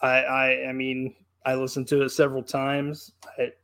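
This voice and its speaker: A man with a mid-range voice talks casually about an album. He speaks in quick bursts and keeps restarting his sentences. He gives his opinion in plain, everyday words. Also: mid-range voice, completely flat delivery, a bit bright. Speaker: album review co-host. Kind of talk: casual chat.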